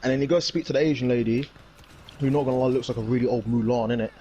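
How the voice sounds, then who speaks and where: A man's voice: medium pitch, level tone, rapid-fire, warm tone, muffled recording, a little hiss or hum. A young man, casually recapping a TV episode in a rambling, slangy way. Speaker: reviewer. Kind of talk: casual chat.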